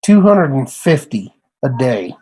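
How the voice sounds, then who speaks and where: Slow husky man ranting. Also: mid-range voice, sing-song, darkish tone, poor audio. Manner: emphatic, rambling, repeats himself. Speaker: computer repair tech and channel host. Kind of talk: casual rant to camera.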